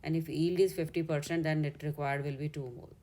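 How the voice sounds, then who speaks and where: A woman's voice: sits low, steady tone, fast talker, warm tone, a little hiss or hum. A woman with an Indian English accent, a chemistry teacher working step by step through exam answers and correcting herself as she goes. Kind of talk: exam solution walkthrough.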